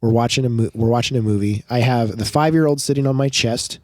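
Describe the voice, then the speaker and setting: A man's voice: medium pitch, quick pace, no echo. Guy in his 30s telling a funny dad story on a podcast, acts out his kids, dry close mic. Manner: animated, acts out his kids' lines. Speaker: podcast co-host. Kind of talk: casual storytelling chat.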